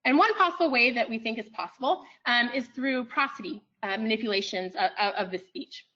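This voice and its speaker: A woman giving an academic lecture in a room, pausing often with ums and restarting her phrases. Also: fairly high pitch, bright, forceful tone, lo-fi sound. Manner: frequent ums, thoughtful restarts.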